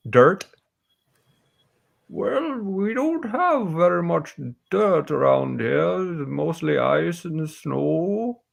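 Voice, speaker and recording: A man voicing a gruff, blunt old female warrior who speaks slowly and haltingly. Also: on the high side, lively intonation, pitched above the performer's own voice, heavily acted. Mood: hesitant.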